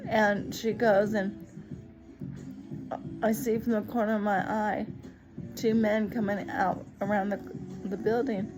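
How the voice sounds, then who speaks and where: Expressive woman telling a personal story. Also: mid-range voice, slow pace, long pauses, music in the background, rough recording. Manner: lively, expressive retelling, acting out other people's lines. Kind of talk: personal story told to the camera.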